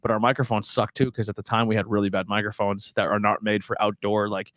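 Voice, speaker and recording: A man's voice: lowish voice, little pitch movement, fast talker, a bit bright, no room sound, studio quality. A man hosting a casual podcast with friends. He tells stories with energy, swears freely and acts out the voices of the people he quotes. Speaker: podcast host.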